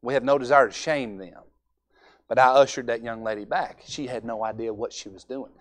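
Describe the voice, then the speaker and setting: A man's voice: medium pitch, fairly quick, a bit bright. A young man preaching a Sunday evening sermon in a folksy way, acting out altar conversations.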